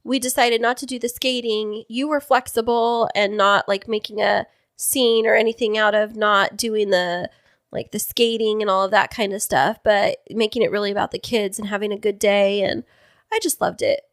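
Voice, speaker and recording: A woman's voice: mid-range voice, steady tone, normal speed, dry recording, studio quality. A woman co-hosting a podcast, chatting casually and in an upbeat way. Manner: upbeat, laughs easily. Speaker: podcast co-host. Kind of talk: casual chat.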